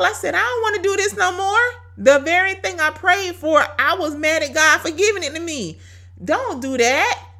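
A woman's voice: on the high side, sharp tone. A woman, sharing a testimony on a faith podcast in an emphatic, preachy way. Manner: emphatic, preachy, addresses listeners as y'all. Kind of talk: faith-based podcast talk.

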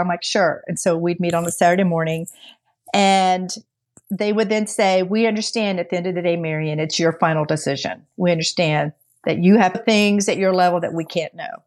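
A woman co-hosting a podcast, telling a story in casual conversation. She acts out quoted dialogue with lively changes of voice and laughs often between her words. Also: lowish voice, brisk. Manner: laughs often mid-sentence. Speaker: podcast co-host.

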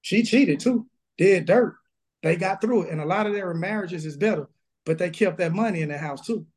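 A pastor with a high-sitting, somewhat dark male voice speaks at a normal speed with a Southern accent. He's blunt and emphatic in a casual video-call interview, bringing preaching energy to it.

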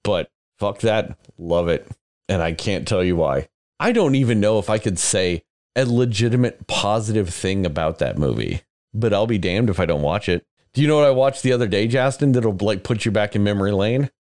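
A man's voice: fairly low pitch, normal speed. A man co-hosting a podcast, talking casually and profanely, mocking himself about the films he loves. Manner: profane, self-mocking, animated. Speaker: podcast co-host. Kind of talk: casual chat.

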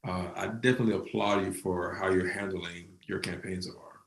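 Friendly host guy with a lowish voice, rambles a bit, echoey room sound. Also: steady tone, fairly quick. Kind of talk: conversational interview.

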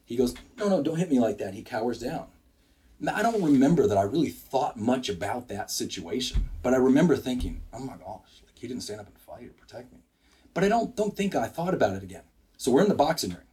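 Older man from Wisconsin, sixties, lively storyteller who restarts sentences and acts out quotes, studio podcast guest. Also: medium pitch, quick pace. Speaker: business owner guest. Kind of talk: animated storytelling in a podcast interview.

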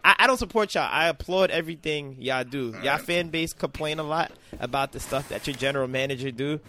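A man hosting a podcast, chatting casually about football, animated, teasing and swearing freely. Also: a little high, brisk. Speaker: podcast host. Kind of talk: casual chat.

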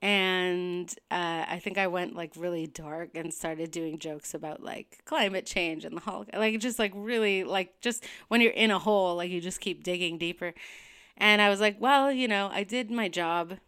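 A woman's voice: lowish voice, fairly even intonation, moderate pace, a bit bright, clear, resonant tone. A young woman comedian telling a personal story in a vlog, rambling and candid, with many fillers. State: tearful, emotional near the end.

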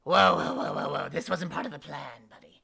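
A man doing a panicked conspirator, lively pitch. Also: a little fast, gravelly, crowd noise, heavily acted. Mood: alarmed. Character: panicked male conspirator betrayed mid-plan.

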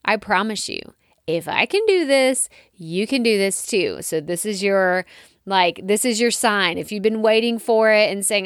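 Woman, Texas accent, solo podcast host, encouraging and conversational, middle pitch, dry studio sound. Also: animated, measured pace, no echo. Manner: chatty and encouraging, acts out listeners' doubts. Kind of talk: solo podcast coaching talk.

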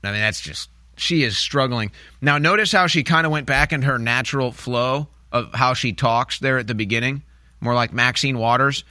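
A man's voice: mid-range voice, moderate pace, sharp tone, dry recording, clean studio sound. A man hosting a talk radio show, commenting in an indignant, mocking way and repeating his points.

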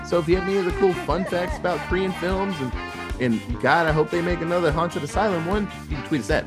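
A man's voice: sits high, quick pace, loud music behind the voice. A man hosting a casual podcast, swearing often and rambling as he wraps up the show. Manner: profane, rambling, animated. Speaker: podcast host. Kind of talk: casual chat.

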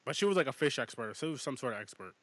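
A man co-hosting a casual movie podcast, talking excitably with lots of swearing and restarts. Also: mid-range voice, very fast, no echo. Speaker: podcast co-host.

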